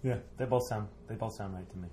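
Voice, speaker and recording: A man interviewing a guest, dropping in quick questions during a casual chat. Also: lowish voice, warm tone, slight background noise.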